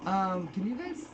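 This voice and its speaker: The recording is muffled, carrying a mid-range voice from a let's play gamer in their thirties. Their casual gameplay commentary is blunt and forward, full of laughter, from someone who calls themself socially awkward.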